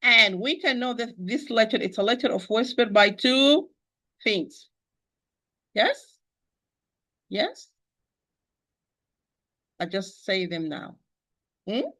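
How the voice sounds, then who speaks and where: A woman's voice: fairly high pitch, expressive, slow, pauses often, bright, forceful tone. A woman teaching Quran recitation in an online lesson, patiently repeating points and addressing her listeners as dear sister.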